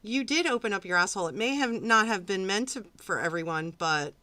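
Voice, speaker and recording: A woman commenting on a recorded call with a sarcastic, expressive delivery. Her pitch sits in a typical middle range. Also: a little fast. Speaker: podcast co-host.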